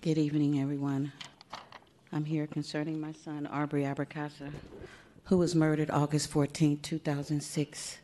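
A grieving mother speaking at a podium during public comment at a city commission meeting, emotional and halting, often soft. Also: low-pitched, level tone, a little hiss or hum. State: emotional, holding back tears.

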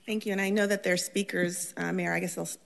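Councilwoman reading a statement, gravelly voice, measured and formal. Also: lowish voice, fairly even intonation, slight background noise. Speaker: council member.

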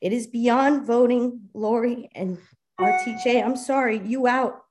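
A woman's voice: a little high, fairly even intonation, a little slow, music in the background, poor audio. A woman giving an emotional public comment at a school board meeting, impassioned and pleading, near tears.

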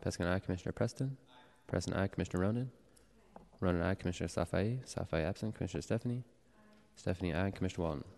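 A man serving as board clerk, calling the roll and reading announcements in a formal, measured way in a city hall chamber. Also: low-pitched, creaky, a little mellow. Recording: echoey chamber with long reverb.

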